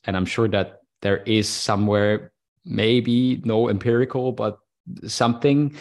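A man hosting a podcast interview, talking in an animated way with frequent restarts and repeated words. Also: fairly low pitch. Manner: animated, many restarts and stammers. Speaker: podcast host. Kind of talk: casual interview chat.

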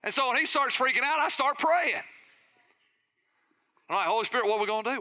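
A middle-aged pastor preaching with lively storytelling, his voice high for a man and very bright and ringing. He sounds crisp and clean, close and dry with no room around him, and he keeps turning to the congregation with questions. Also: fairly quick, dry recording. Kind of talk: sermon.

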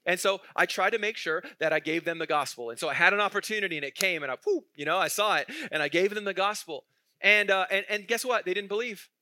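A man's voice: sits high, fast talker, sharp tone, no echo, clean studio sound. A male pastor preaching a sermon in a conversational way, asking the congregation questions and chuckling through his stories.

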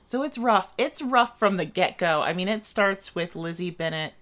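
A woman's voice: lowish voice, expressive, normal speed, fairly bright tone. Blunt, opinionated woman reviewing a film. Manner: opinionated, blunt, sarcastic asides. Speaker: podcast co-host. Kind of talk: casual film review chat.

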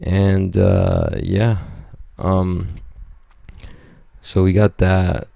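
A man's voice: low voice, little pitch movement, very slow, vocal fry, mellow, dry recording, clean studio sound. A man telling a story in casual podcast chat, rambling, profane and joking.

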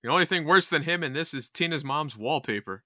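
A man's voice: on the high side, expressive, brisk, sharp tone, no echo. A man co-hosting a podcast, making dry wisecracks while chatting casually about a horror movie. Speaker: podcast co-host. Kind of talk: casual movie review chat.

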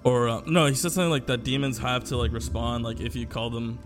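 A man's voice: mid-range voice, steady tone, fast talker, faint music behind. A young man co-hosting a podcast, telling a long story in casual chat, rambling with lots of fillers and swearing. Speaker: podcast co-host.

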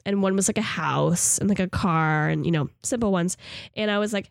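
A woman talking casually and loosely, leaning on "like" and "you know." Her voice sits at a middle pitch. The sound is dry and close. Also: fairly even intonation, moderate pace, gravelly, no room sound. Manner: chatty, many "like" fillers. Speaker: guest sharing her stroke recovery. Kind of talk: casual chat.

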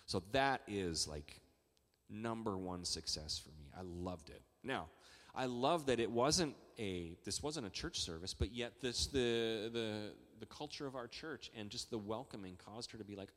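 A man preaching a sermon as pastor, talking in a conversational way that builds to excited emphasis. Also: on the low side, normal speed. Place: church hall. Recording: long reverb of a large church hall.

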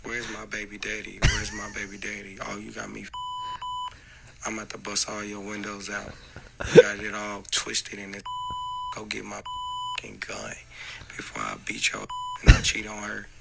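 A man doing a comedic rant in a played clip, with a gravelly voice and bold, brash delivery. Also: on the low side, completely flat delivery, moderate pace, long pauses. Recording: noisy clip played back.

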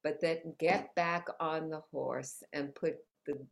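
Her voice sits low and gravelly, with fairly even intonation and a slow pace, and there's a faint hiss or hum on the recording. As a guest author in a New York City conversational interview, she talks in an encouraging, upbeat way and laughs a lot.

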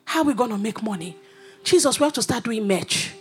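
A woman's voice: fairly high pitch, animated, a little fast, soft background music, close to an everyday voice. Woman doing a scheming money-minded disciple.

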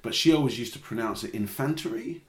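A man co-hosting a casual podcast chat, talking reflectively with halting restarts. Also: medium pitch, expressive. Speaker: podcast co-host. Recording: roomy echo.

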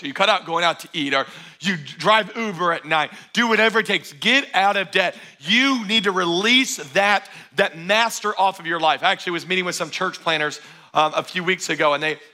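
A man's voice: high-pitched, sharp tone. A man preaching a sermon at a church service, fervent and emphatic, urging his congregation again and again. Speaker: pastor.

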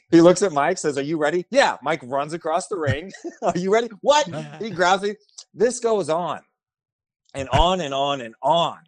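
Guy spinning an old fight story, acts out all the voices, kinda high voice, dry sound. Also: normal speed, no echo. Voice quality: animated, acts out voices in his stories. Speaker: former fighter, guest. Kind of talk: casual storytelling.

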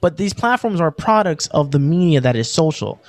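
Young male podcast co-host, joking banter, slightly high voice, lively pitch. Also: moderate pace. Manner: joking, swearing, animated storytelling. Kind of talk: casual chat. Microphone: podcast microphone.

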